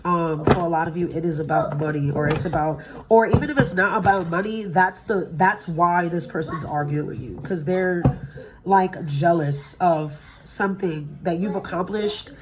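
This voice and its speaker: A woman in her thirties giving a casual tarot reading, tired from little sleep, blunt and profane, her voice jumping up in pitch when she gets excited. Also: moderate pace, crowd noise. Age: 30s. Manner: blunt and profane, swears freely. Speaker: tarot reader.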